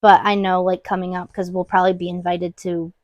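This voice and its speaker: A young woman co-hosting a podcast, openly telling her own story in a soft-spoken casual chat, with plenty of "like" fillers. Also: fairly low pitch, flat delivery, a little fast, no echo, highs cut off. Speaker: podcast co-host.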